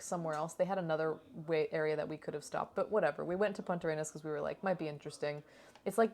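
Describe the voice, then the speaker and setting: Lower-pitched woman, easygoing travel-vlog voice-over, rambling and unfiltered. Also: a little mellow. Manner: chatty and rambling, swears and laughs often. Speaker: cooking channel vlogger.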